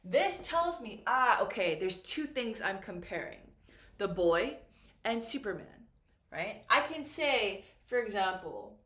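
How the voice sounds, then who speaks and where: A woman teaching English at a board, speaking slowly and deliberately, often checking in with "right?" and "okay?". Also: mid-range voice, big pitch swings, pushed and bright. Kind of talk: classroom grammar lesson at a board. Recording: echoey room.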